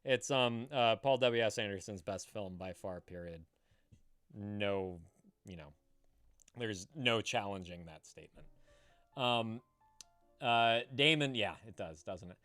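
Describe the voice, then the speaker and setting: An American man chatting on a live stream, his voice bright and smooth with lively swings in pitch. He swears freely and calls out to viewers by name. The sound is dry and close, with faint music behind him. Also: moderate pace, dry recording. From United States. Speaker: streamer host. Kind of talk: casual live-stream chat.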